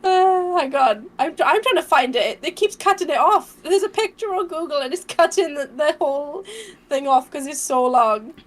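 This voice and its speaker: A woman's voice: high-pitched, expressive, normal speed. A woman from Wales co-hosting a streamed podcast, chatting casually and laughing often. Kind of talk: casual chat.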